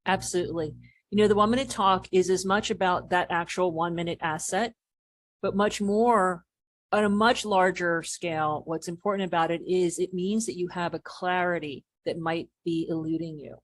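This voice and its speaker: A woman's voice: fairly low pitch, moderate pace. A woman business coach answering as a podcast guest, explaining animatedly and acting out what people say. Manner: animated explaining, acts out quoted remarks.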